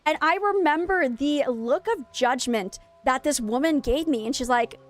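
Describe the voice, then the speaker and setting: A woman's voice: sits high, normal speed. A young woman streamer chatting casually while gaming, telling a rambling, self-mocking story.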